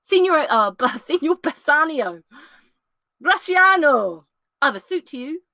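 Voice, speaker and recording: A woman doing a brash, pushy young gentleman. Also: high-pitched, sing-song, measured pace, no room sound, studio quality, voice pushed up, heavily acted. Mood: eager. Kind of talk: solo dramatic reading of a classic play.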